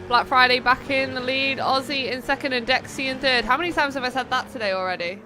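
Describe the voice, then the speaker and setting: A young woman hosting and commentating on a sim-racing stream, chatting playfully between race calls and getting excited at close battles. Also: high voice, quick pace, noisy background.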